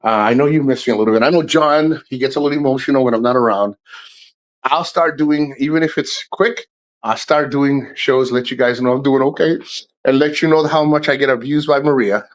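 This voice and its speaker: A man's voice: mid-range voice, brisk, low-quality recording. A man hosting a casual livestream, talking in a rambling, jokey way and swearing freely. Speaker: livestream host.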